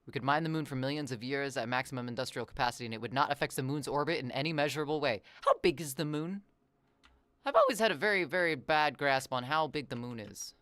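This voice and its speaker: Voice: medium pitch, a bit bright, dry recording. Rambling, playful game streamer. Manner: rambling, playful, drifts into musing asides; reacts to chat with quick exclamations. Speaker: variety streamer. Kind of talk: casual live-stream chatter while gaming.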